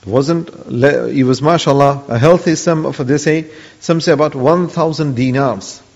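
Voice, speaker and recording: An Islamic religious teacher earnestly tells an old story during a lesson, sprinkling in pious honorifics. His mid-range, slightly mellow voice moves at a normal speed with some vocal fry. The lo-fi audio sounds dull and carries a long hall reverb.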